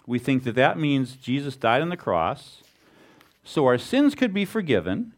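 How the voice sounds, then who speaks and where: A man preaching a sermon as a pastor, animated and asking the congregation rhetorical questions. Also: mid-range voice.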